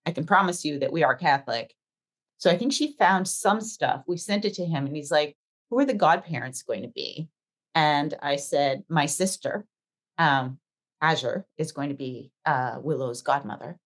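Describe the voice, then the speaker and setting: Lively storytelling woman, low-pitched. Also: normal speed. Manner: animated storyteller acting out dialogue. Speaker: podcast co-host. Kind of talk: casual chat.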